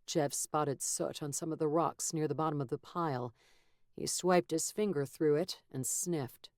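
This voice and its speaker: A woman narrating a fantasy audiobook in a measured, steady storytelling manner, close to a studio mic. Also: deep voice, no room sound. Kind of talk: scripted narration.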